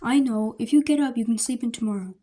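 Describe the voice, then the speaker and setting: Patient royal wife, coaxing, warm high voice, read by a woman. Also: quick pace, lightly acted. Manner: coaxing, gently pleading.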